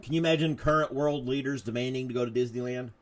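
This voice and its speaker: A man's voice: mid-range voice, steady tone, quick pace. A man hosting a live casual chat show, joking around and often laughing at his own bits. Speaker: host.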